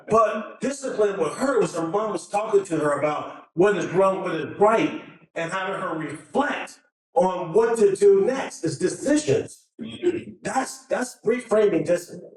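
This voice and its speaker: A man's voice: high-pitched, lively intonation, measured pace, a little mellow. A middle-aged man giving an emotional, earnest talk to a conference audience, nervous and often restarting his sentences. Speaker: conference speaker. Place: large conference hall. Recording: echoey hall from far off.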